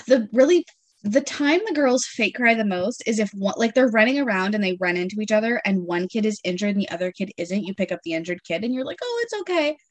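Mom in her 30s chatting, tells animated stories, acts out the kids, dry close sound. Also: medium pitch, fairly quick, no room sound. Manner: animated storytelling, acts out her kids' voices. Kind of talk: casual chat.

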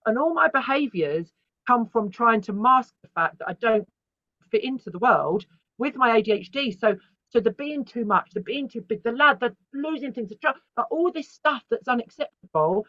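A woman's voice: on the high side, lively intonation, moderate pace, fairly bright tone, no echo. A middle-aged woman talking as an artist guest in an interview, telling stories frankly and animatedly with the odd swear word. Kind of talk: candid interview conversation. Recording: dry, dull lo-fi sound.

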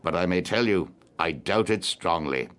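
A man's voice: low voice, lively intonation, moderate pace, a bit bright, smooth. A man voicing an older man, a nostalgic opera lover who is familiar and stubborn in argument. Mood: defiant.

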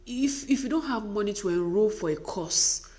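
A woman's voice: mid-range voice, animated, normal speed, a little mellow. Earnest woman giving a faith-based pep talk. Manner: earnest, emphatic, repetitive exhortation. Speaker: motivational speaker for wives.

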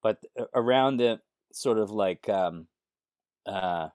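A man's voice: on the low side, slow pace, clean tone, no echo. A man from New York, talking casually as a touring musician guest. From New York, USA. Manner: relaxed, rambling, friendly. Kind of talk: casual interview chat.

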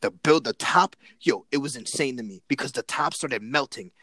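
Young guy, mid-pitched, dry close mic, animated casual storyteller who trips over his words. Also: moderate pace, slightly rough, dry recording. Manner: excited, animated retelling with acted-out quotes and repeated words.

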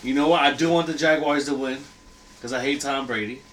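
A man on a podcast, chatting casually and hyping his football team with loud trash talk. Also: medium pitch, fairly even intonation, brisk, crowd noise. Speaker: podcast co-host. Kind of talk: casual chat.

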